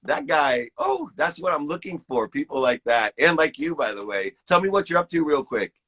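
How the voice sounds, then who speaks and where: A man's voice: on the high side, lively intonation, moderate pace, fairly bright tone, slightly rough. A man in his fifties giving an enthusiastic, preachy pep talk to viewers on a live stream, hosting it from his phone. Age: 50s.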